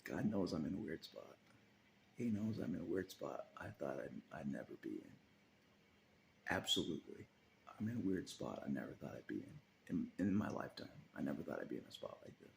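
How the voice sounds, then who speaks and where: A man's voice: very deep voice, big pitch swings, fairly quick, vocal fry, slight background noise. A man vlogging in a casual, rambling monologue, chuckling often and trailing off into mutters.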